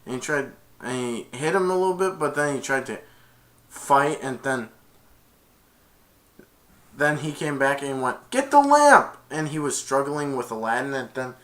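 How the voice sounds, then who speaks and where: A man's voice: medium pitch, moderate pace, long pauses, fairly bright tone. A man retelling a movie plot in a casual, rambling way, stringing events with "and then". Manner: rambling, many "and then" restarts. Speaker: movie reviewer.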